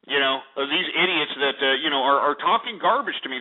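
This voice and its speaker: A man hosting a call-in radio show, combative and insulting, swinging between yelling and sighing apologies. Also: a little high, lively intonation, a little fast, few pauses. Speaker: radio talk show host. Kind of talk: ranting call-in radio talk. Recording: narrow phone-like radio audio.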